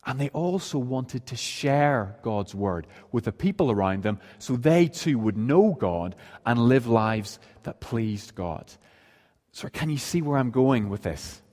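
A male pastor preaches in an earnest, explanatory way, often posing rhetorical questions. His voice sits at an ordinary middle pitch. A long reverb from the church sanctuary trails behind his words. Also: darkish tone. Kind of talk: sermon. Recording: long reverb of a large hall.

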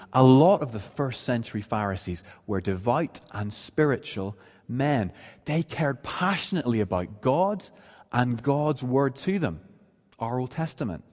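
A man's voice: mid-range voice, a little mellow. A man preaching a sermon as pastor of his church. He explains scripture earnestly and asks the congregation rhetorical questions. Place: church sanctuary. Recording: long reverb of a large hall.

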